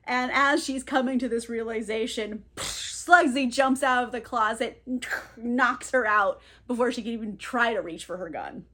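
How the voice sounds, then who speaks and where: A woman's voice: on the high side, a bit bright. A woman recapping a novel in a chatty, irreverent way, full of slang and laughter. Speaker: book reviewer. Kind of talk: casual book recap.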